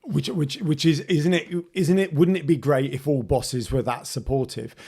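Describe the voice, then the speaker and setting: A man's voice: on the high side, steady tone, normal speed, warm tone, husky. A man co-hosting a podcast, asking rambling questions with several restarts. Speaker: podcast co-host. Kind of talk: casual interview questions.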